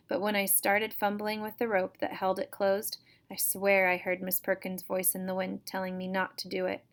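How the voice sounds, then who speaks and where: A woman reading a chapter book aloud to her students, telling a first-person story in a steady, even way. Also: mid-range voice.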